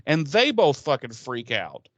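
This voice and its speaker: A man's voice: medium pitch, a little slow, dry recording, lo-fi sound. A man co-hosting a podcast, retelling an episode in casual chat and acting out the characters' lines as he goes. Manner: animated storytelling, acts out characters' lines. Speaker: podcast co-host.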